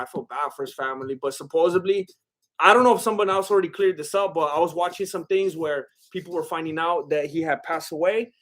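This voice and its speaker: A man's voice: on the high side, fairly bright tone. A man hosting a casual live stream, rambling and joking with his chat, full of "like" and restarts. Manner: loose, chatty, breaks into bits of song.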